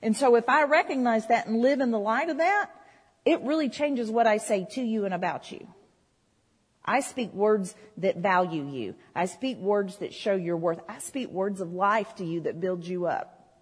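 A woman's voice: medium pitch, normal speed, breathy edge. A woman preaching a sermon in a church, talking conversationally with the congregation. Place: church hall. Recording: reverberant hall.

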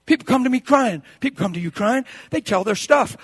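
A man in his fifties preaching a sermon, swinging between shouted exhortation and soft, hushed counsel, acting out the voices of doubters. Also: extremely high pitch, big pitch swings, a little fast, creaky, few pauses, husky, no room sound. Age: 50s. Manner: acts out quoted voices of doubters.

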